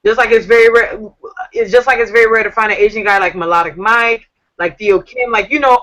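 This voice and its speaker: A woman's voice: fairly high pitch, steady tone, a little fast, fairly bright tone, muffled recording. A woman co-hosting a video call interview, asking chatty, teasing questions and playing to her viewers. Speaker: talk show co-host.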